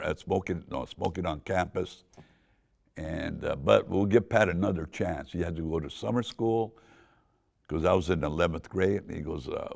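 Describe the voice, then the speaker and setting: An older man from Southern California, with a deep voice, casually telling a rambling personal story full of restarts. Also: a little mellow. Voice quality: deep gravelly voice. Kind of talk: casual spoken memoir.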